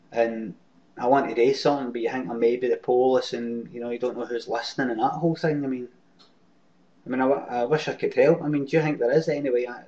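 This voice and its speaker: Through a lo-fi webcam mic, a Scottish man from Glasgow rambles through a sweary story for viewers and replies to their comments. He speaks at a medium pitch with a darkish tone.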